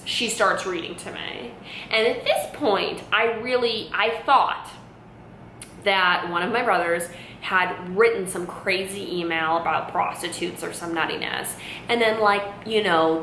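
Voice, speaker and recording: Bright-voiced woman telling a rambling story. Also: measured pace. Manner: candid and rambling, heavy on "like" and "you know". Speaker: vlogger. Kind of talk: storytime vlog. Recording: echoey room with faint rumble.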